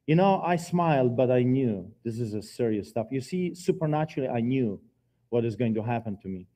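A man preaching his personal testimony in a church, telling the story dramatically with emphatic swings in loudness. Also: mid-range voice, animated, brisk. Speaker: guest preacher giving testimony. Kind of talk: testimony sermon.

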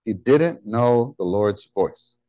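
A man preaching a sermon in a conversational, animated way, asking his listeners questions and rising to near-shouts on key words, then dropping to soft, quiet asides. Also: lowish voice, takes it slowly, no echo, muffled recording. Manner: drops into soft, quiet asides when quoting God; conversational, asks the audience questions.

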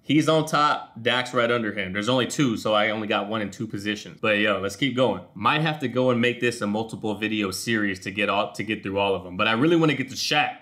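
A man hosting a reaction video, excitedly unpacking wordplay line by line in casual commentary. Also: on the low side, fast talker, hardly any pauses.

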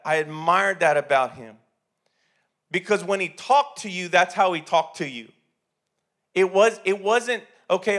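A man's voice: sits high, sharp tone. A man preaching a sermon in a church, talking conversationally with many restarts and repeated words. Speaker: pastor.

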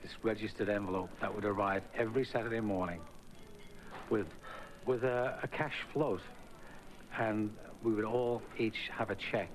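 An older man recalling his singing days in an interview, talking haltingly with many pauses. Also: on the low side, a little hiss or hum, rough recording. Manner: halting, many fillers and restarts. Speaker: interviewee, former singer. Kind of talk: reminiscing interview. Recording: music playing underneath.

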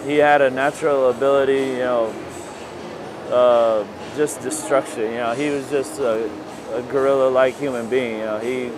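A man reflecting in an interview about a close friend, soft-spoken and full of "you know". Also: medium pitch. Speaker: close friend and former roommate. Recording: noisy background hum.

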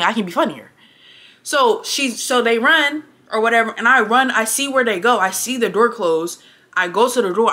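A young woman telling a story on her vlog in a casual, animated, blunt way, cursing often, recorded indoors at close range. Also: mid-range voice. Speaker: vlogger. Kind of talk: casual storytime while getting ready.

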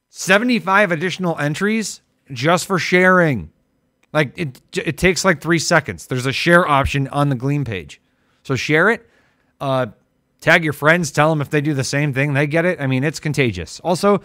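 Male co-host, Ohio accent, higher-pitched, rambling comic energy, dry close mic. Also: no room sound. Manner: animated, rambling, jokey, voice jumps when excited. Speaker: co-host of tech stream. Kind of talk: casual livestream chat.

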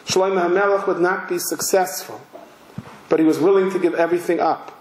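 A male rabbi giving a sermon, telling a story slowly and emphatically. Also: sits high, fairly even intonation, a little hiss or hum. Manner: slow, emphatic, vivid narration. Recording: roomy hall echo.

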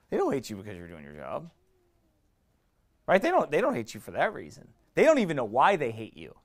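A middle-aged pastor, preaching a sermon in fiery, emphatic bursts that swing from quiet asides to raised shouts. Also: male voice, mid-range voice, wildly swooping pitch, brisk.

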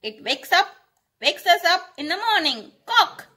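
A woman teaching preschool children, saying each word slowly and repeating it for them to echo. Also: extremely high pitch, big pitch swings, sharp tone. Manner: slow, sing-song, repeating words for children to echo. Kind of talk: recorded lesson for young children.

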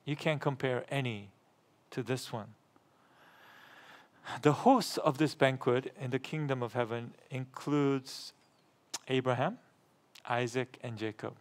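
Speaking slowly with long pauses, a middle-aged male pastor delivers his sermon, echoing phrases for emphasis and questioning the congregation. Reading scripture makes his voice swell in volume and climb higher.

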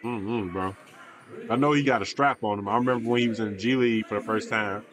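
A man's voice: on the low side, fast, a bit bright. A young man giving casual, slangy reaction commentary on a basketball video, with mumbled asides. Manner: laid-back slangy banter, mumbles asides.

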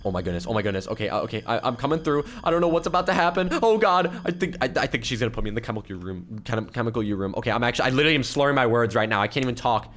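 A man hosts a gaming video with excitable, exclamatory commentary and reads other players' chat aloud in his own plain voice. His pitch sits in the middle range. Faint music plays behind him. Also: very fast, few pauses. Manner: excitable, exclamatory, keeps repeating "oh my goodness". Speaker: YouTuber gaming host. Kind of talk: let's-play gameplay commentary.

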